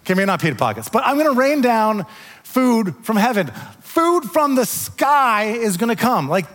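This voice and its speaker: A man preaching a sermon, animated when telling the story and dropping to soft, quiet tones. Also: high voice, big-room sound. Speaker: pastor.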